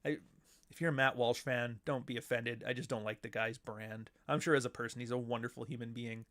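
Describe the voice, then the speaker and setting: A man's voice: mid-range voice, steady tone, fairly quick, a bit bright. A man hosting a podcast, ranting in a casual, profane and sarcastic way. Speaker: podcast host. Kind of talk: casual livestream rant.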